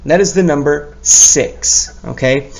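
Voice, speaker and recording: A male teacher leads a children's spelling lesson at an unhurried pace. His fairly high voice carries a heavy gravelly fry. He sounds out each letter patiently and keeps praising the kids. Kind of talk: recorded lesson for young children.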